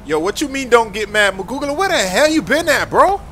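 A man voicing an excitable, slangy young male friend who talks loud and hyped. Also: very high-pitched, brisk, a little hiss or hum, voice pushed up, full character voice. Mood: indignant.

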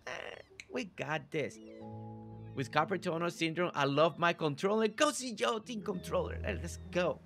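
A man's voice: high voice, normal speed, vocal fry, fairly bright tone. A man with a slight non-native accent hosting a live gameplay stream, chatting upbeat with viewers as he plays. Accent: non-native English accent. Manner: upbeat, greets chat viewers by name. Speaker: gaming channel host. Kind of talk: casual live gameplay commentary. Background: faint game music.

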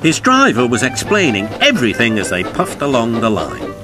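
Man, British accent, children's storybook narrator, gentle and expressive, very lively intonation, music behind. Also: medium pitch, moderate pace. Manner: gentle and expressive, voicing every character himself. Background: background music.

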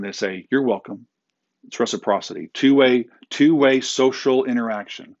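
A man's voice: medium pitch, lo-fi sound. A man giving a classroom lecture in a conversational way, with fillers and restarts, sometimes acting out short quoted exchanges. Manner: acts out quick quoted exchanges. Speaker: instructor.

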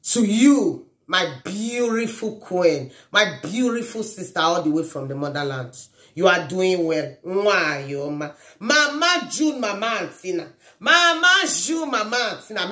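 A woman with a Nigerian accent delivers a birthday shout-out in a lively, swooping voice. She chants blessings and prayers in call-and-response, slipping between Pidgin and Igbo phrases. The room around her rings with echo. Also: medium pitch. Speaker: vlogger.

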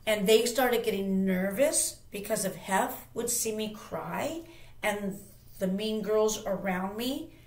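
Woman telling a story in a roomy echo. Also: medium pitch. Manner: emphatic, rambling with restarts and repeats. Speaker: channel host. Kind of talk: casual personal storytelling.

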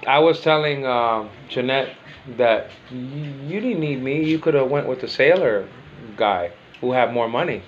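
A man's voice: mid-range voice, measured pace, dull audio, slight background noise. An older man whose first language is Spanish, chatting casually in a home vlog, rambling and repeating himself, teasing and affectionate. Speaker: vlogger.

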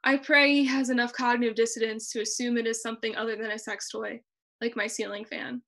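Reading her own personal essay on a video call, this young woman student uses a bright, slightly high tone. Her delivery is expressive yet measured.

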